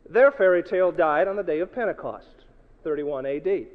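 A man preaching a sermon to a congregation, swinging from loud to hushed and acting out the people he quotes. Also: a little high, animated, fairly quick. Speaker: pastor. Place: church hall. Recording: dull, echoey hall recording.

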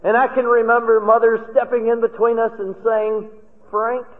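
A man's voice: extremely high pitch, little pitch movement, normal speed. An older man preaching a sermon, telling folksy personal stories and rising to emphatic stresses on key words. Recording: tinny lo-fi recording in a reverberant hall.

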